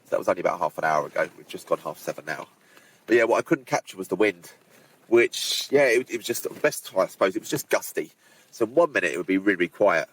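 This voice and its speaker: A man vlogging outdoors on windy hills, chatting casually to the camera and speaking directly to his viewers. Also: fairly low pitch. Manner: chatty, addresses viewers directly, relaxed asides. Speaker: hiking vlogger. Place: outdoors on windy fells at a campsite.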